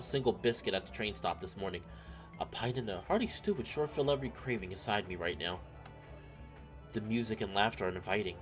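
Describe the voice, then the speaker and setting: A man's voice: lowish voice, fairly bright tone. Chatty man reading a game aloud. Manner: casual, chatty, rambling with fillers. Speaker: game streamer. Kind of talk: reading a visual novel aloud with commentary. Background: game music.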